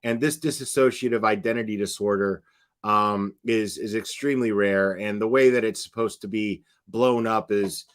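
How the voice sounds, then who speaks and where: A man's voice: fairly low pitch, steady tone, moderate pace. A man doing casual live-stream commentary, talking bluntly and with scorn, full of fillers and restarts.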